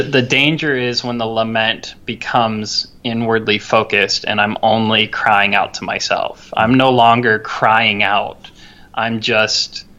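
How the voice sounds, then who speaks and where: A man's voice: fairly low pitch, sharp tone, highs cut off. A man co-hosting a podcast, talking in an earnest, reflective way and often restarting his phrases. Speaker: podcast co-host. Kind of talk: casual podcast discussion.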